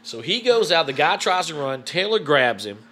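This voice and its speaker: A man telling a story in casual chat, animated and swearing freely. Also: on the high side, moderate pace. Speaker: guest.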